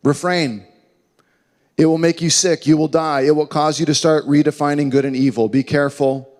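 A man preaching a sermon, earnest and emphatic, slowing down and dropping to a hush when he quotes scripture. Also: on the high side, fairly even intonation. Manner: earnest, emphatic preaching with slow dramatic drops to hushed quotes. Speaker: pastor. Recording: long hall reverb.

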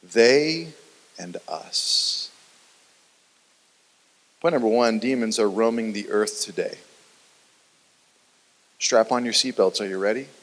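A man preaching a sermon as a pastor, telling the story dramatically and often dropping his voice low and quiet. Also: fairly even intonation, normal speed, long pauses. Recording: long reverb of a large hall.

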